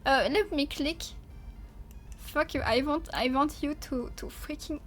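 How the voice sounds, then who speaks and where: A high-pitched woman chatting casually with her stream viewers, playful and goofy, with a lot of cursing. She speaks at an unhurried, drawn-out pace and sounds a little sleepy. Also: fairly bright tone. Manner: playful, silly, swears often, talks to chat. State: sleepy, yawning. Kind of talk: casual livestream chat.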